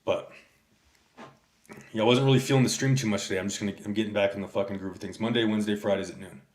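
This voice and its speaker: A man's voice: fairly low pitch, steady tone, fast, a little mellow. A man livestreaming a casual rant, telling stories in a rambling, heavily profane way and answering his chat. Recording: echoey room.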